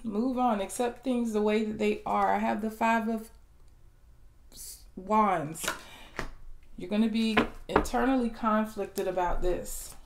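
A woman's voice: mid-range voice, steady tone, slow pace, gravelly, pauses often, noisy background. A woman giving a tarot reading, upbeat and repeatedly calling viewers "guys". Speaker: tarot reader. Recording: roomy echo.

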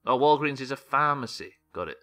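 A man's voice: medium pitch, animated, brisk, bright, forceful tone, faint music behind. A British man streaming a game live, chatting with his viewers and muttering to himself while he builds. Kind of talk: live gameplay streaming, reading chat.

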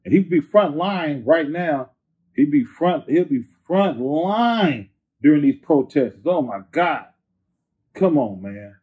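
A man from Northern California chatting as an interview guest, slangy and animated, repeating phrases for emphasis. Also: fairly high pitch, slow pace, slightly rough. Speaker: rapper guest. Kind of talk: casual interview chat. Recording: tinny phone-like line.

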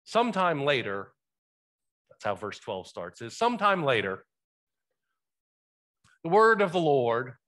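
This pastor speaks with a mid-range, fairly bright voice as he preaches in the sanctuary. He keeps things conversational and asks his congregation questions.

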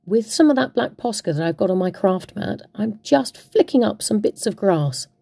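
A woman's voice: mid-range voice, expressive, moderate pace, creaky, warm tone, slightly rough, dry recording. A woman hosting a craft tutorial, chatting playfully and talking to herself as she works. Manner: chatty, playful, talks to herself while working. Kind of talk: casual crafting demonstration.

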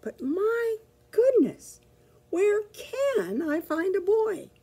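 A woman voicing a small, eager, polite male puppy in a storybook reading, with a squeaky, pleading voice. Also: very animated, drawn-out words, dark tone, full character voice.

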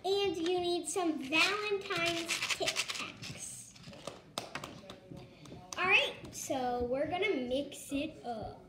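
A woman's voice: very high-pitched, very slow. A young girl hosting a casual slime-making vlog at home, chatty and bossy as she directs her brother. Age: child. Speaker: vlog host. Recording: noisy home recording.

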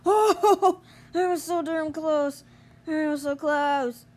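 A young woman commentating her gameplay, exasperated and groaning, yelling at other players to get out of her way. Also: high voice, level tone, slow pace. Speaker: gamer streamer.

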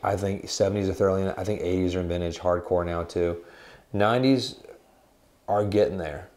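A man's voice: low-pitched, steady tone, brisk, a little mellow. A man in his forties co-hosting a guitar shop chat, rambling and joking as he tells stories. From United States. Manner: rambling, jokey storyteller. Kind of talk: casual chat.

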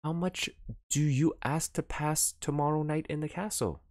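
A man doing a frantic, high-strung baron. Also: normal speed, darkish tone, no echo, studio quality, close to an everyday voice. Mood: anxious, insistent. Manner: agitated, pleading. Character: excitable wealthy male baron, anxious collector.

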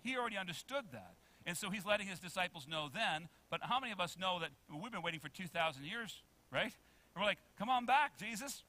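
Bright-voiced preaching man. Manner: preaching with many questions to the congregation; swings between loud emphasis and soft low asides. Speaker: pastor. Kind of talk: sermon.

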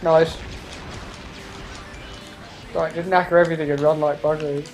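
A woman's voice: low-pitched, steady tone, moderate pace, over music, poor audio. A woman casually chatting and exclaiming while playing a co-op game, laughing often and swearing mildly. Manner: exclaiming, laughing, mild cursing. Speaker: let's play host. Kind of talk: casual co-op gameplay chat.

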